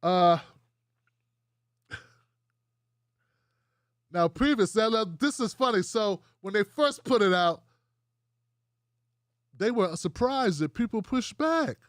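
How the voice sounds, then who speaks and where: Guy ranting on his show, high voice, swears a lot, sarcastic, dry close sound. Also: lively intonation, slow, long pauses, a bit bright, no room sound. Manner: profane, sarcastic, acts out mocking quotes. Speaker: political commentary host. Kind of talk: casual ranting commentary.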